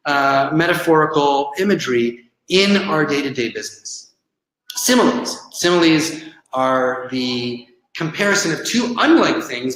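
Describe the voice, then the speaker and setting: A man's voice: fairly high pitch, a bit bright, roomy sound, rough recording. A man leading a coaching session on presenting, explaining in a loose conversational way with frequent ums and uhs. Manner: conversational, filler-heavy, explaining with examples. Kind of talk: online coaching seminar.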